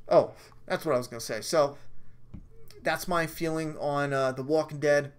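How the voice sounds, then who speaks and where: A man's voice: on the high side, moderate pace, clean tone. A man hosting a casual live stream review, rambling, cursing freely and poking fun at himself. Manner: rambling, profane and self-mocking. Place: at home during a storm.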